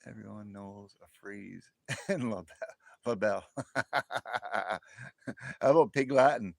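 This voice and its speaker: A creaky, fairly low voice comes through slowly on a dry recording. It belongs to a livestream host in his fifties from northern New York near the Canadian border, who rambles casually with viewers, chuckling and frequently repeating words.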